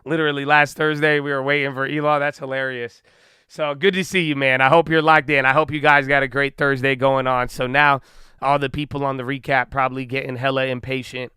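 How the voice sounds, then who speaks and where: A young man hosts a casual trading live stream, sounding hyped and slangy as he shouts out viewers, a little winded and out of breath. His voice is medium in pitch, level in tone, fairly quick, clear and resonant. The recording is clean studio sound with no echo.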